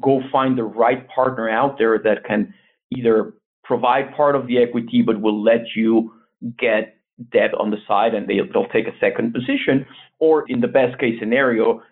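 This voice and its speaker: A man's voice: mid-range voice, steady tone, normal speed, breathy edge. Man on a tinny phone-like line. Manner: earnest, advisory, frequent restarts. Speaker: investment bank CEO, guest. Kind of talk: conversational interview answers.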